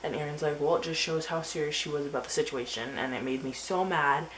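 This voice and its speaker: A woman's voice: low voice, fairly even intonation, quick pace, slight background noise, poor audio. A teenage girl telling a rambling story in a casual diary vlog, full of "like" and quoted asides. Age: teens. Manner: rambling, filler-heavy storytelling. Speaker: vlogger.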